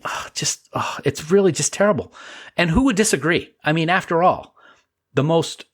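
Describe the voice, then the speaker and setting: A man co-hosting a casual podcast chat, joking around and rambling with restarts. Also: on the high side. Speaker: podcast co-host.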